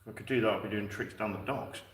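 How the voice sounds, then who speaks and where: A man's voice: lowish voice, fast talker. A man chatting casually on a stream, joking and laughing often. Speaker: stream co-host. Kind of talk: casual chat. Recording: echoey room, far from mic, noisy.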